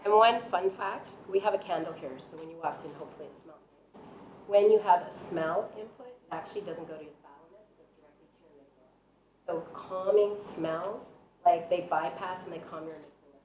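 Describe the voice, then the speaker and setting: A middle-aged woman, a high school teacher, explaining brain science to parents in an animated way, with many fillers. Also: fairly quick, low-quality recording. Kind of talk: presenting at a parent talk.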